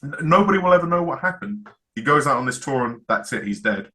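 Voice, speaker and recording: Bright, enthusiastic man. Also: medium pitch, animated, fast. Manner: enthusiastic, retells scenes acting out lines. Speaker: podcast co-host. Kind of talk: casual chat.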